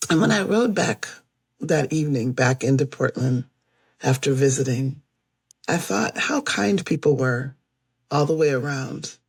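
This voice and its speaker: A woman storyteller telling a personal story in a lively way, acting out the people she meets. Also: very deep voice, measured pace, gravelly, slightly rough, no echo, studio quality.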